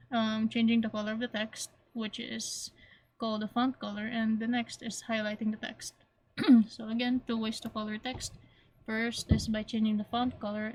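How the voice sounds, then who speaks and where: A woman walking through a software tutorial step by step, repeating key points and often clearing her throat. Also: a little high. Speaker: teacher. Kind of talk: screen-recorded software tutorial.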